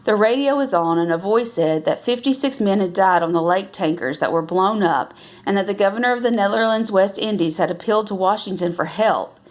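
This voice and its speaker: A woman reading a novel aloud at an unhurried pace, now and then correcting herself and lifting her voice for the characters' lines. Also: mid-range voice. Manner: unhurried, with self-corrections and restarts. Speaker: reader.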